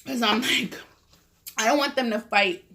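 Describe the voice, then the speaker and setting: A woman's voice: fairly high pitch, moderate pace, sharp tone. A woman, telling a story in casual, profane, rambling talk full of "like" while eating at home. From Southern California. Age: 30s. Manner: profane, rambling, lots of "like" fillers. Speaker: mukbang vlogger. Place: at home with a cat.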